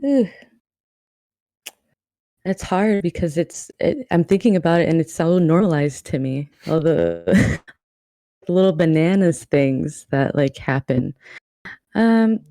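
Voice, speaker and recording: A woman's voice: low voice, very animated, takes it slowly, pauses often, mellow, dry recording, studio quality. A woman from the New York area, a cosplayer guest, chatting casually and rambling with many restarts. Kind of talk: casual podcast chat.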